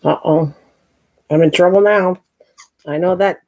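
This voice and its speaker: A woman's voice: lowish voice, unhurried, long pauses, warm tone. A woman hosting her crafting channel, chatting casually and teasing while she works on journal pages. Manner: chatty, teasing, laughs easily.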